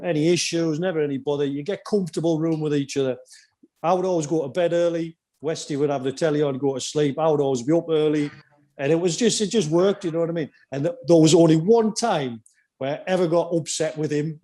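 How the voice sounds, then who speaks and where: Chatty man hosting a podcast. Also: a little high. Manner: animated anecdotes with quoted asides. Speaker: podcast host, former teammate. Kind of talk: casual storytelling chat.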